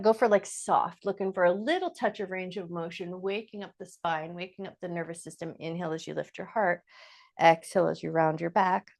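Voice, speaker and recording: Calm woman cueing chair yoga. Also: mid-range voice. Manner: calm, gentle step-by-step cueing; casual, with fillers like "like" and "just". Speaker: yoga instructor. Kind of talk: guided chair yoga class.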